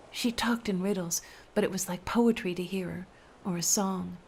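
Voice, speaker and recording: A woman's voice: fairly low pitch, moderate pace, darkish tone, a little hiss or hum. A woman telling a first-person story aloud, emotional, dropping to whispers at tense moments.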